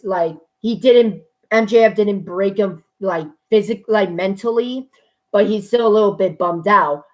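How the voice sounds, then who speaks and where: A woman giving a casual spoken review of a wrestling show, excitable and profane, breaking into gushing shouts. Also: medium pitch.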